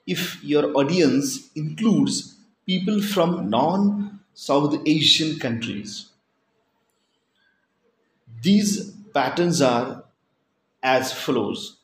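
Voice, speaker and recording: Slow, deliberate male lecturer. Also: a little high, a little hiss or hum. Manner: slow, deliberate, pausing between phrases. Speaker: teacher. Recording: echoey room with faint ambience.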